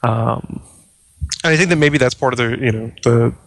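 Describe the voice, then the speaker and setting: A man's voice: medium pitch, moderate pace, creaky, a bit bright, dry recording, poor audio. A man co-hosting a podcast, explaining ideas at length in a rambling, thoughtful way. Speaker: podcast co-host. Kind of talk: casual discussion.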